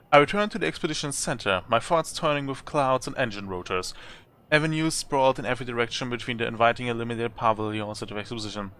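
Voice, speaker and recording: A man reads a text adventure game aloud for his channel, breaking off for chatty asides and small chuckles. His voice is bright and forward, at an ordinary pitch. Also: fast, clean tone. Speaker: let's play host.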